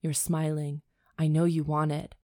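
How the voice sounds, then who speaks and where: A woman's voice: low voice, level tone, a little slow, darkish tone, no echo, studio quality. A woman reading the lines of a smug adult husband in a romance novel, in a teasing manner.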